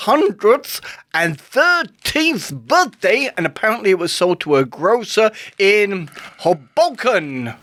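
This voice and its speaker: A playful, giggly man with a West Country accent co-hosts a comic biscuit-tasting chat. His voice sits high and swoops up and down, with a bright, sharp edge. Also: sing-song, slow pace. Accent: West Country English. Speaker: co-host.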